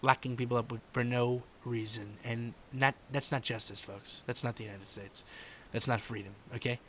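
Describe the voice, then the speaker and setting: A man doing a comedic impression of a brash older male politician who rambles in circles and lets "folks" and "okay" trail off quietly. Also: mid-range voice, steady tone, moderate pace, a little hiss or hum, natural voice. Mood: rambling. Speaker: podcast host doing an impression.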